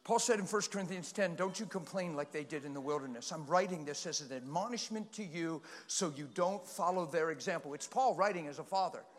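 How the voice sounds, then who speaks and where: A man preaching a sermon in a passionate, animated way, with sudden loud bursts. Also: on the high side, fairly quick, few pauses, big-room sound.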